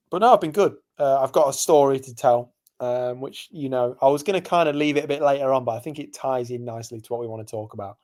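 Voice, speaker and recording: A man's voice: mid-range voice, a little mellow. A young man from England rambling through a night-out story on a podcast. His voice sits in a middle register, and he talks loosely, full of fillers and asides. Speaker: podcast co-host. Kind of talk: casual chat.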